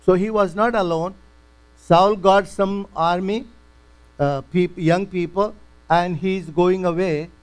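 A man's voice: high voice, clear, resonant tone, low-quality recording. A man teaching a Bible lesson, retelling scripture in simple everyday words. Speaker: preacher.

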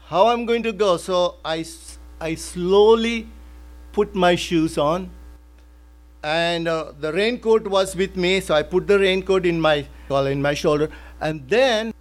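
A man's voice: high voice, unhurried. A male pastor preaching a sermon in an emphatic way, repeating his key phrases.

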